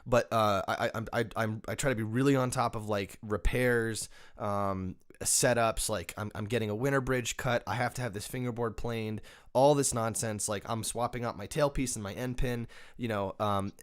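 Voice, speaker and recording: A man's voice: on the low side, fairly even intonation, normal speed. A man hosting a podcast, talking through his thoughts casually, often restarting and repeating words. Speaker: podcast host. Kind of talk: casual conversation.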